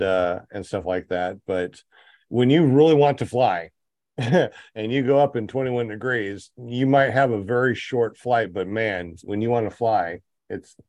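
A man's voice: fairly low pitch, darkish tone, dry recording. A man hosting a podcast, chatting casually with guests in a joking, rambling way with many restarts. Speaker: podcast host. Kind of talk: casual group chat.

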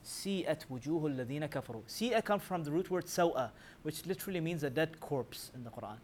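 A man teaching a Quran commentary class, quizzing his listeners with rhetorical questions and reciting verses in a quick chant. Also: fairly high pitch, expressive, slight background noise. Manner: recites scripture in rapid chanting. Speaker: religious teacher.

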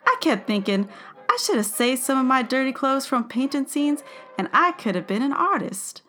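A woman's voice: high voice, expressive, normal speed, pushed and bright. A woman co-hosting a podcast, reading a history segment aloud and giggling as she stumbles over words. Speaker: podcast co-host.

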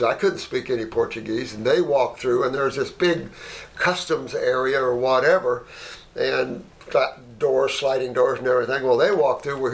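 An older man, a natural healer, telling rambling anecdotes in a casual way and getting animated when he retells them. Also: medium pitch. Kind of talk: casual storytelling.

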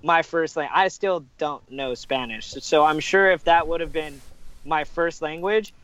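A man's voice: a little high, measured pace, a bit bright, smooth, no room sound, low-quality recording. A man from Southern California chatting casually on a podcast, joking and swearing with frequent restarts. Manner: joking, profane, stumbling restarts. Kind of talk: casual chat.

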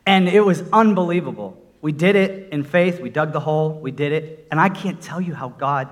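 A middle-aged man delivering a sermon built on a personal testimony. His voice sits a little high for a man, and he tells his story earnestly before pressing hard on the listeners. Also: expressive, moderate pace, fairly bright tone. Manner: earnest storytelling, rising to emphatic exhortation. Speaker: preacher.

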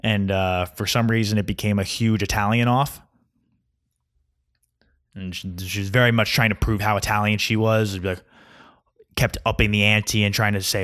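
A man's voice: lowish voice, steady tone, moderate pace, long pauses, a bit bright. A young man ranting in a casual comedic monologue, grumpy and mocking. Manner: grumpy, ranting, mocks mispronunciations.

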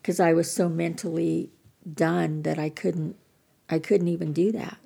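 Older woman guest, heavy vocal fry, low voice, candid self-deprecating storyteller. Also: fairly even intonation, a little slow, warm tone. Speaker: podcast guest. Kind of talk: personal recovery story.

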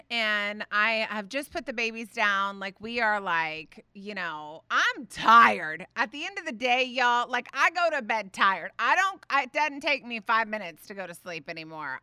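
A woman, hosting a faith podcast and telling a family story in a chatty, animated way full of fillers. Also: fairly high pitch, measured pace, hardly any pauses, smooth, no echo, clean studio sound. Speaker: podcast host.

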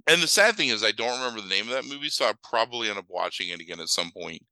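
A man chats his way through a bad movie's plot, full of fillers and casual swearing. His voice is bright and forward. It is recorded close and dry, with no room around it. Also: fairly low pitch, animated, no echo, poor audio. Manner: rambling, acts out scenes in quick mock voices; swears freely, lots of fillers. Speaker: podcast host. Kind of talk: casual movie recap chat.

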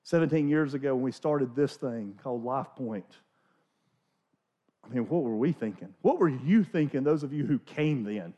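A man in his forties preaching a sermon as a pastor, telling stories in an animated, conversational way with many restarts. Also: medium pitch, moderate pace. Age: 40s. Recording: dull lo-fi recording.

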